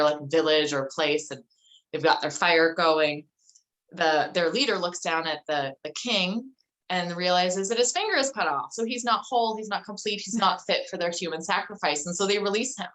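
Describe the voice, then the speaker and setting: A middle-aged woman being interviewed shares a story casually, with frequent "um"s and "like"s in her chatty, loose delivery. Her voice is lowish and a bit bright, and the recording quality is low.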